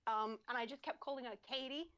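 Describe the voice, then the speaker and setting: A woman's voice: high voice, fairly quick, a bit bright, highs cut off. A woman in casual chat as a tabletop game player, rambling, swearing and laughing often.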